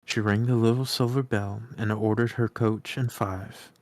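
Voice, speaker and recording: Man reading a storybook aloud, low voice. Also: steady tone, moderate pace, no room sound.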